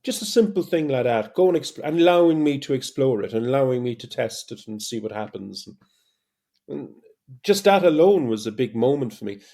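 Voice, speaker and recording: A middle-aged man, a podcast guest, telling stories in a lively, animated way, full of restarts. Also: mid-range voice, fairly quick. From Ireland. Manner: animated storytelling, many restarts. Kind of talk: casual podcast conversation.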